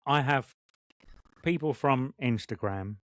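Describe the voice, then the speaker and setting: A man co-hosting a podcast, telling rambling, excited stories in casual chat. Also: mid-range voice, takes it slowly. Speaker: podcast co-host.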